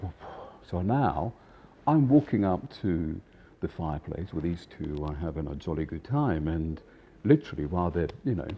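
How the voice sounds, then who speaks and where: A man in his fifties, a chef, telling a casual anecdote in an animated way, acting out voices and laughing often. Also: deep voice, muffled recording, a little hiss or hum. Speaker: chef and storyteller.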